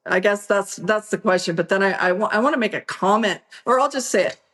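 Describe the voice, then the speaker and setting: A woman's voice: mid-range voice, a little fast, a bit bright. A woman co-hosting a podcast in casual interview talk, chatty and admiring, often restarting her sentences. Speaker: podcast co-host.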